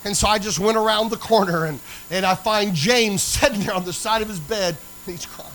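A man's voice: sits high, a little fast, fairly bright tone, a little hiss or hum, rough recording. A middle-aged man, telling a story in a sermon and acting out the dialogue. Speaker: preacher.

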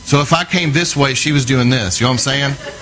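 A man's voice: medium pitch, brisk, pushed and bright, rough recording. A man preaching a sermon in a conversational, storytelling way, often checking in with his listeners, earnest and emphatic.

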